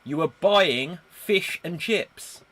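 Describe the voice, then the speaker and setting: A man's voice: fairly high pitch, animated, takes it slowly, a bit bright, a little hiss or hum. A man hosting a live improv comedy stream over a video call, upbeat, handing out prompts and scores. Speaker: improv show host.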